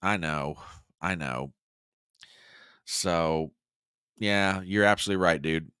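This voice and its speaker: A man with a low but bright, forceful voice hosts a political talk show. His pitch swings widely as he talks straight to his listeners in a folksy way. The sound is dry and close, with no room around it. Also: slow pace, clean tone, dry recording. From United States. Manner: animated, folksy, talks to the audience as "y'all". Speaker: podcast host. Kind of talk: casual political commentary.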